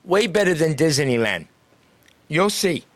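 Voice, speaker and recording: An upbeat man with a slightly high voice chats with people passing by on a town street. He talks freely, laughing often, as a street greeter and podcast host. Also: big pitch swings, a little slow. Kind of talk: casual chat with passersby.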